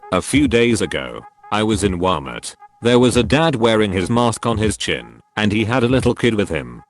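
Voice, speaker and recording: A man's synthetic voice reading forum posts aloud in a flat tone, misreading symbols and abbreviations. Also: lowish voice. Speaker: narrator reading online posts.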